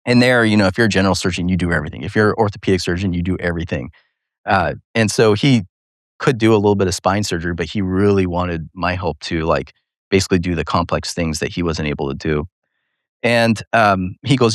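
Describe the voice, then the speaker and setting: Give me a low-voiced man recounting a story in an interview, animated and chatty, recorded dry. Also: fast, no room sound. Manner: animated, laughs often, many fillers like "you know". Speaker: neurosurgeon and podcast host.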